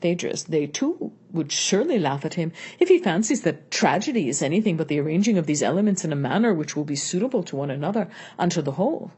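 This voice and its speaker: A woman's voice: sits low, sing-song, fast talker, few pauses, dark tone, slightly rough, exaggerated voice. A woman reading the replies of an eager young male student in a brief, earnest way.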